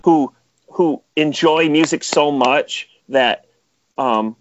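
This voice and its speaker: This man's voice is fairly high and his delivery slow as he, a Metro Detroit music producer, shares lively stories in a casual interview, using lots of "like" fillers. There's no echo, and the audio has a lo-fi quality.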